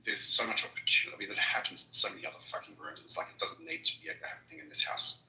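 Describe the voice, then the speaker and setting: A man speaking in a casual chat, halting with lots of ums and restarts. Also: low voice, sharp tone, reverberant, rough recording.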